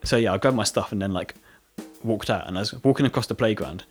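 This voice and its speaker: A man's voice: on the low side, fast, soft background music. A British man telling a story in casual chat, rambling and full of fillers, often laughing.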